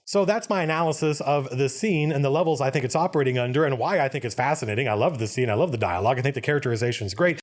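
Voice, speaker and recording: A man hosting a film analysis video, explaining a scene in an animated, conversational way. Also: fairly high pitch. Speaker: video essay host.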